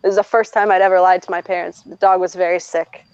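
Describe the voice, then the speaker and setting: She has a lowish, darkish, clean voice and a flat delivery, and she talks quickly. A woman in her twenties, she chats casually and tells personal stories with blunt profanity and frequent laughter. The recording has no echo and sounds dry and slightly dull.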